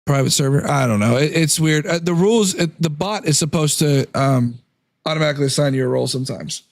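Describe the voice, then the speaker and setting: Young male streamer with a high voice, fading from illness, casual political rant host. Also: fast, gravelly. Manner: reads statements aloud, then rants against them. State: losing his voice from illness. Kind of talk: casual live-stream commentary.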